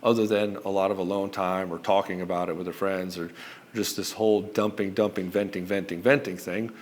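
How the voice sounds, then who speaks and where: A man's voice: deep voice, flat delivery, fairly quick, a little hiss or hum. A middle-aged man coaching husbands on their marriages, talking bluntly with swearing and acting out both sides of conversations. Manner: blunt and profane, acts out both sides of dialogues. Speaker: relationship coach. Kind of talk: direct-to-camera coaching monologue.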